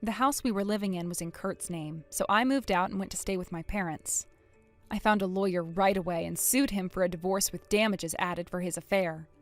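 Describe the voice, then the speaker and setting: Woman narrating a story over soft music. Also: lowish voice. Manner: measured, matter-of-fact retelling.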